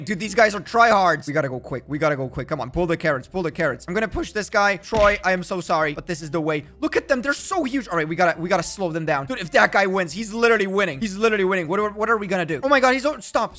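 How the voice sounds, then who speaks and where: Hyped young man gaming commentary. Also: fairly high pitch. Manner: hyped, jokey, shouts at other players. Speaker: gaming YouTuber. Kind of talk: excited gameplay commentary.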